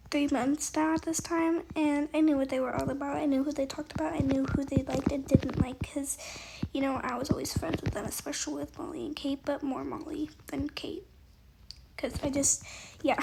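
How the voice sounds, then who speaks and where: A woman telling a rambling personal story while playing a game, full of fillers and soft, half-whispered asides. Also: sits high, creaky. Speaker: storytime gamer. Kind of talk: casual storytime while gaming. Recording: loud background noise.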